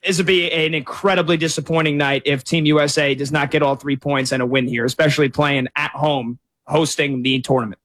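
A man co-hosting a sports talk show, casually breaking down soccer with lots of stats and quick self-corrections. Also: fairly high pitch, steady tone, a bit bright. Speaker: co-host sports analyst.

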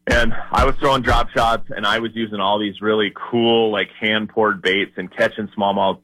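A man's voice: lowish voice, moderate pace, no echo, low-quality recording. A man from Minnesota, a fishing guide, telling fishing stories in a casual podcast conversation with lots of fillers. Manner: storytelling, animated, lots of fillers.

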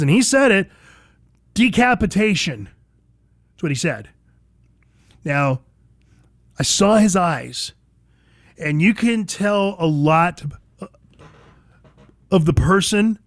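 Male talk radio host, high voice, dry close sound, emphatic, combative, repeats himself. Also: no echo. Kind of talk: opinionated talk radio monologue.

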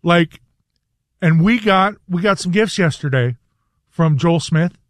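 A man co-hosting a radio talk show, delivering a reflective, earnest commentary in a measured way. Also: high-pitched, lively intonation, no room sound.

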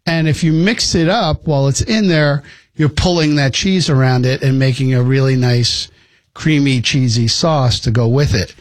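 A man's voice: medium pitch, moderate pace, no room sound. A man co-hosting a casual chat, explaining a cooking technique at length in an easygoing way. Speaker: podcast co-host.

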